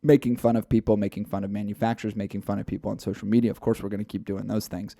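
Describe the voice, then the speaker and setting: A man's voice: fairly low pitch, little pitch movement, very fast, vocal fry, mellow, no echo, studio quality. A man co-hosting a casual podcast, talking in a loose, rambling way with fillers. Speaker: podcast co-host.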